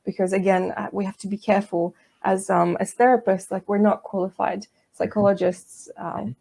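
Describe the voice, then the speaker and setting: A woman massage therapist as an interview guest, explaining her methods calmly and gently. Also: medium pitch, moderate pace, gravelly, husky. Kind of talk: interview conversation.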